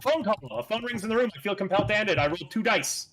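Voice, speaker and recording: A man playing a board game on a live stream, reading cards aloud and briskly explaining the rules to the others. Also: high voice, expressive, crowd noise.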